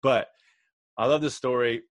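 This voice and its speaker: A man's voice: mid-range voice, normal speed, no echo, studio quality. A man hosting a casual podcast chat, telling stories and acting out quotes with energy. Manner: animated storyteller, acts out quotes. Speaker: podcast host.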